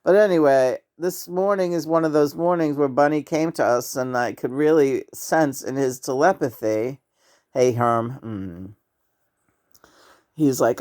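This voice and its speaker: Animated woman telling a pet story. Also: very deep voice, unhurried. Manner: animated, laughing storyteller, swears freely. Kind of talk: casual chat.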